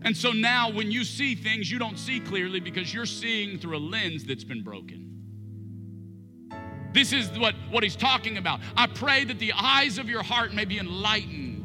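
A man preaching a sermon as pastor, animated and playing out both sides of imagined conversations in a large church. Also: high-pitched, moderate pace, over music.

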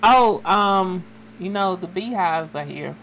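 Animated woman telling stories. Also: fairly low pitch, slow pace, slight background noise, low-quality recording. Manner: animated storyteller, mock-outraged. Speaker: radio co-host. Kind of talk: casual radio chat.

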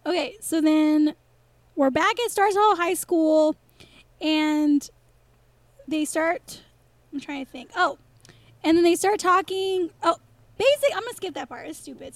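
A woman's voice: high voice, normal speed, dry recording. A chatty woman co-hosting a podcast, rambling and laughing as she recaps a TV episode in casual chat. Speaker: podcast co-host.

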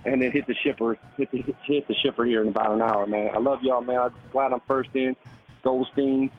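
A man's voice: mid-range voice, little pitch movement, fairly quick. A man on a call-in show, cursing freely and closing nearly every phrase with "man". The line is dull and lo-fi, with faint noise behind him. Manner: profane, tacks "man" onto every phrase. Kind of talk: casual call-in chat.

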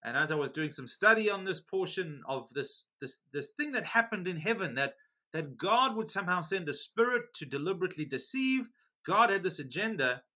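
A male preacher reading scripture aloud and stopping for amused, animated asides. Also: sits high, normal speed, muffled recording. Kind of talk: sermon reading scripture with commentary.

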